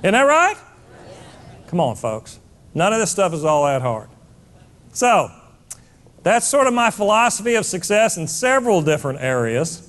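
A middle-aged man giving a live motivational talk, emphatic and preachy, building to near-shouts. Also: high voice, sing-song, normal speed, pauses often. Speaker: motivational speaker.

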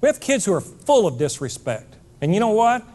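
Middle-aged male speaker, emphatic live talk, pitch on the high side, very animated delivery. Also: brisk. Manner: emphatic, preachy, rising to near-shouts. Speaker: motivational speaker.

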